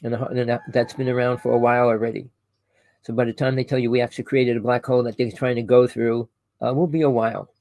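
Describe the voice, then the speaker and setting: Gravelly man ranting to his viewers. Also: mid-range voice, little pitch movement, fast talker, darkish tone, no echo, rough recording. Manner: rambling, preachy, with frequent self-corrections; addresses listeners as "people" and asks rhetorical questions. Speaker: online conspiracy commentator. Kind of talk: ranting monologue to camera.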